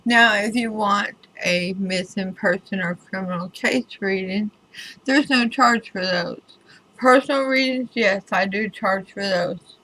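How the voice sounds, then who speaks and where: A woman's voice: mid-range voice, bright, forceful tone, rough recording. A woman tarot reader talking casually to her viewers, chatty and emphatic with wry asides. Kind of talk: casual spoken tarot reading video.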